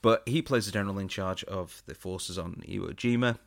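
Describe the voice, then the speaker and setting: A man's voice: low voice, fairly quick, creaky, dry recording, clean studio sound. A man co-hosting a podcast, explaining and reviewing films in a chatty, laid-back way. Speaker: podcast co-host. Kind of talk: casual film review chat.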